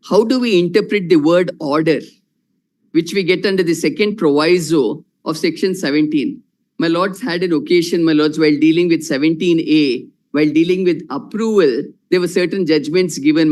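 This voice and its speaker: A man with an Indian English accent arguing a case before judges, measured and formal, repeating "my lords" again and again. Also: high voice. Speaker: lawyer arguing in court. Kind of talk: formal courtroom argument.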